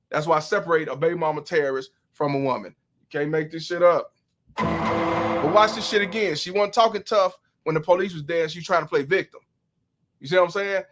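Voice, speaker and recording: Commenting on a clip during his livestream, a man uses drawn-out, preachy, profane slang and reads viewer donations aloud. His voice is slightly high and somewhat bright.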